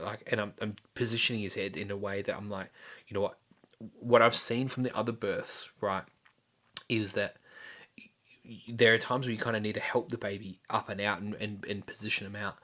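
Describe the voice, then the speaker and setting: A young man tells a story on his podcast in a loose, chatty way, circling back with restarts and fillers. His voice sits a little low but has a bright, forward edge, and he swears casually as he goes. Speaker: podcast host.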